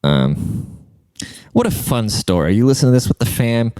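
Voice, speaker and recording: A man's voice: medium pitch, very animated, normal speed, mellow, dry recording, clean studio sound. A man hosting his own podcast, telling crude comedic stories in a rambling, casual way full of "like" fillers. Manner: rambling and crude, heavy use of "like".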